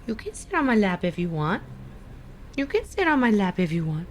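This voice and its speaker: A woman streamer in casual livestream chat, talking in soft, drawn-out baby talk to her cat. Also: mid-range voice, very animated, a little hiss or hum.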